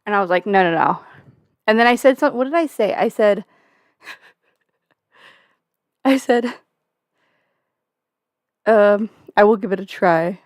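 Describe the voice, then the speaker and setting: A woman's voice: medium pitch, lively intonation, takes it slowly, pauses often, no echo, studio quality. A young woman hosting a casual livestream from home, rambling and joking with plenty of swearing and filler words. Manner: profane, jokey, rambling with many fillers. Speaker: livestream host.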